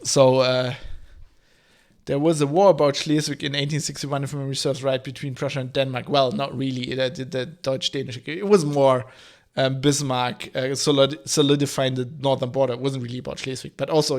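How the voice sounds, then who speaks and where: A man, hosting a live-streamed solo podcast and explaining history in long, winding asides. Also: mid-range voice. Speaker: podcast host.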